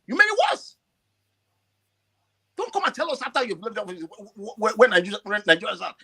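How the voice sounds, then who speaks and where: A man calling in over a video call, talking with strong feeling and pushing his pitch up as he gets emotional. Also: very animated, racing, vocal fry, pushed and bright, slightly rough. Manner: impassioned, rising to high emotional pitch, repeats himself. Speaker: caller. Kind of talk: passionate online call-in talk.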